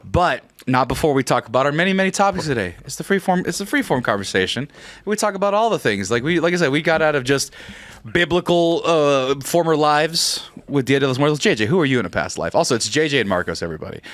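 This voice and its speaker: A man from the United States hosts a casual podcast chat, worn out but still joking and swearing as he rambles on. His voice is fairly high and bright, jumping around a lot in pitch. The sound is dry and close. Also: lively intonation, fast, no echo. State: very tired. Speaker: podcast host.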